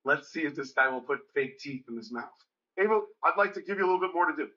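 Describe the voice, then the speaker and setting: A man in energetic prank show banter, laughing and giving directions, in slightly muffled TV audio. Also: a little high, fast talker.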